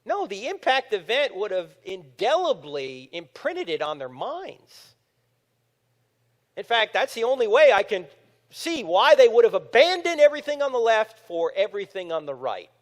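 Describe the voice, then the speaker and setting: A high-pitched man in his fifties speaks with wide, swooping intonation, acting out the people in his stories as he talks. His voice rings with a long hall reverb in a large room full of listeners. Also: moderate pace. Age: 50s. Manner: animated storytelling, acting out quotes. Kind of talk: apologetics talk to a live audience.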